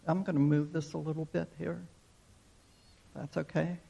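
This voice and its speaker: A man's voice: a little high, level tone, normal speed, creaky, husky, lo-fi sound. A man preaching a sermon, telling a folksy story and leading a prayer. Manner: folksy storytelling, acts out shouted quotes. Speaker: pastor.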